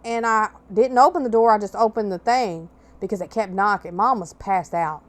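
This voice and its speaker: Woman, podcast host, candid storytelling, blunt, swears freely, mid-pitched voice. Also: moderate pace. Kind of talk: personal storytelling monologue.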